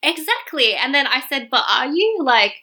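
A young woman casually telling a personal story on a podcast, acting out what people said with big jumps in her voice. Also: moderate pace. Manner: animated, acts out quotes with big pitch jumps.

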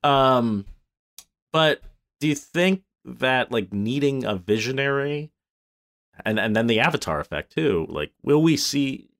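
A man chats about films on a podcast. His pitch rises and falls a lot as he talks, and he drops casual swear words along the way. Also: unhurried. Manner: animated, swears, swings pitch for mock quotes. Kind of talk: casual chat.

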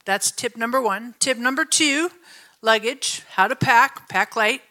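A middle-aged woman pastor giving a sermon, telling stories in an animated way and laughing often. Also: on the high side, measured pace. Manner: animated storytelling with frequent laughter.

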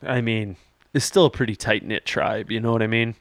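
A man's voice: on the low side, steady tone, fairly quick, no echo, studio quality. A man hosting a podcast in loose, joking casual chat, swearing and laughing often. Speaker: podcast host.

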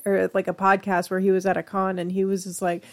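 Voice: mid-range voice, completely flat delivery, fast talker. A podcast co-host in casual chat, talkative, laughing often and drifting off on tangents. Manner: chatty, laughs often, easily sidetracked.

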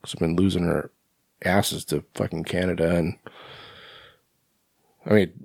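A man with a low voice co-hosting a podcast in loose, rambling chat. He swears freely and leans on fillers as he talks. The sound is dry and close. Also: fairly even intonation, measured pace, gravelly, a little mellow, husky, no room sound. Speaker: podcast co-host. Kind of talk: casual chat.

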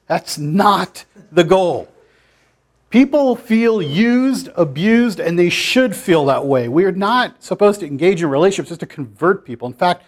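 A man giving an informal sermon to a church group, conversational and challenging, with dry asides. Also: a little high. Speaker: pastor. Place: church meeting room.

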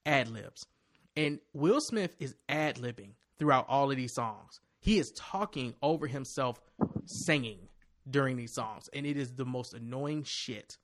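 A man's voice: mid-range voice, unhurried. A man ranting casually. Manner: animated ranting, swearing freely. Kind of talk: casual chat.

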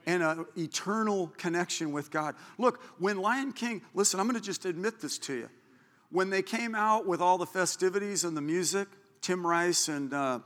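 Male pastor, excitable storyteller, sharp high voice, long hall reverb. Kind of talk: sermon. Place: church. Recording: echoey church hall.

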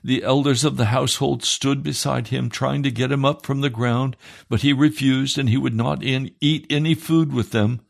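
A man's voice: mid-range voice, steady tone, moderate pace, vocal fry. A man preaching a sermon, emphatic and repeating phrases for weight.

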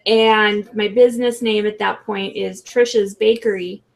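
A woman with a gravelly, fry-laden voice chats on a podcast. She talks hesitantly and casually, circling back and restarting her sentences. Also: medium pitch, fairly even intonation, measured pace. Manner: hesitant, many restarts and fillers. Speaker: podcast co-host. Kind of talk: casual chat.

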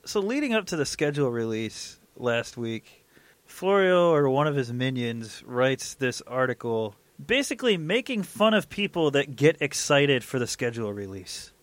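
A man's voice: mid-range voice, big pitch swings, moderate pace, no echo. A man in his thirties hosting a sports podcast, ranting in an irritated, casual way. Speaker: podcast host.

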